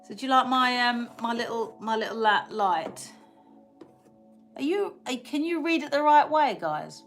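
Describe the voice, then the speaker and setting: A woman's voice: on the high side, expressive, moderate pace, soft background music. A woman hosting a casual live stream, chatting with viewers, laughing often and reading out their comments. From England.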